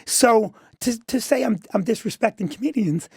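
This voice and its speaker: A man's voice: high-pitched, lively intonation, moderate pace, a little mellow, slightly rough, dry recording, studio quality. A middle-aged man, a comedy club owner, talking as a guest on a radio show and defending himself emphatically, often saying "listen" and "okay". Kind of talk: talk radio interview.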